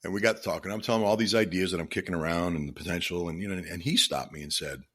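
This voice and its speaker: A middle-aged man talks through a personal story on his solo podcast. His voice is very deep and husky. He speaks earnestly and from the heart, often restarting his sentences. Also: very fast, few pauses, fairly bright tone. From Florida. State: choked up with emotion. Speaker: podcast host. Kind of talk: reflective solo podcast monologue.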